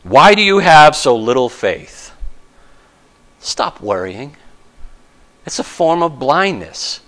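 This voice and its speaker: Bright-voiced male pastor preaching. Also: fairly high pitch, very animated, unhurried, poor audio. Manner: conversational, self-deprecating preaching with dramatic voiced quotes. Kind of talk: sermon.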